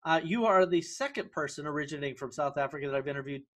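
A man's voice: a little high, animated, fast, fairly bright tone. A middle-aged man hosting a podcast, talking in a breezy, jokey, self-deprecating way. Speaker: podcast host. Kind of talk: casual interview.

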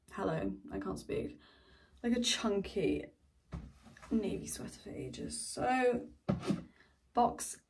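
A woman's voice: medium pitch, gravelly, distant mic. A young woman in her twenties chatting casually in a home vlog, rambling, trailing off and swearing freely. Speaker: vlogger. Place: home, indoors.

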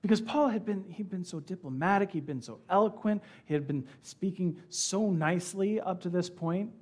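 A male pastor delivers a sermon in a casual, conversational way, speaking a little higher than most men. He turns the scripture passage into a lively story and acts out the characters' lines as he goes. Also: normal speed. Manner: conversational, animated storytelling with acted-out quotes. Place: church.

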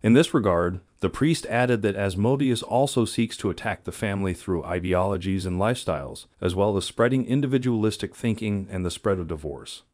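A man narrating a scripted storytelling video as the channel's host, in a steady, even read. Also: lowish voice, fairly quick, few pauses, dry recording, clean studio sound.

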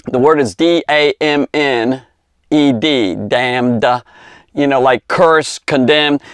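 A man teaching a Bible story to kids in a rambling, conversational way, full of fillers and asides, slowing down to stress key words. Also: medium pitch, smooth, dry recording. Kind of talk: informal Bible lesson for children.

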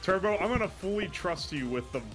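A man's voice: sits high, expressive, brisk, music in the background. A man playing a cooking game with friends, chatting casually and cracking playful jokes. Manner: joking, playful banter. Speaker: co-player in a streamed game. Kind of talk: casual gaming chat.

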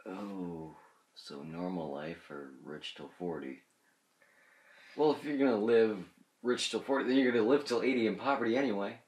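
A man co-hosting a casual chat, wry and quick with retorts, laughing often. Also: on the low side, animated. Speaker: co-host. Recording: echoey room.

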